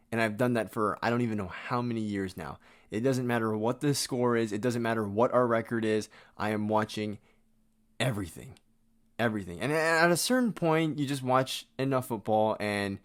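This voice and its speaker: A man hosting a sports podcast, delivering a blunt, exasperated and sarcastic rant. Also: mid-range voice. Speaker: podcast host.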